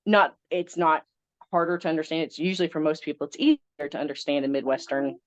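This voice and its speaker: A woman's voice: low voice, fast, dry recording, dull audio. A woman in her thirties with a Southern American accent, chatting as a veterinarian guest with many ums. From Southern United States. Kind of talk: casual interview.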